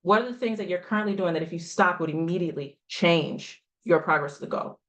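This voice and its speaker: A woman's voice: fairly low pitch, fast, a bit bright. A woman gives a motivational coaching talk to a group. She speaks emphatically, asks rhetorical questions and repeats short lines for effect. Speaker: health coach.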